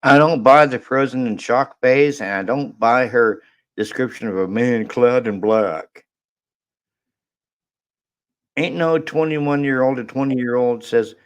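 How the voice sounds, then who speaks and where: A man's voice: medium pitch, clean tone. A man commenting on a crime case in a blunt, scoffing, emphatic way. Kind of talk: skeptical commentary.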